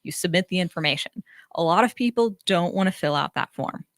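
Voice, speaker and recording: A woman, a marketing business owner, chatting as a radio guest, animated and often laughing. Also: on the low side, brisk, no echo, studio quality. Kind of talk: casual interview chat. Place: radio studio.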